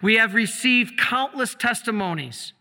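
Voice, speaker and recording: A man preaching a sermon as a priest, asking the congregation questions and answering them himself, slowing and dropping low for emphasis. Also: animated, pushed and bright. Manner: slows down and drops low for emphasis. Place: church. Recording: long echo of a church hall.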